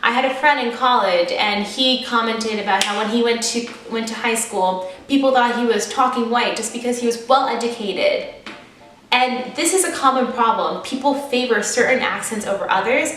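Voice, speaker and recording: A woman's voice: a little high, moderate pace, fairly bright tone, far from the mic, slight background noise. A woman in her twenties with an American accent, telling a personal story to camera in a candid, chatty, self-deprecating way. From United States. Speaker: vlogger. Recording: echoey room, voice off-mic, faint music. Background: faint background music.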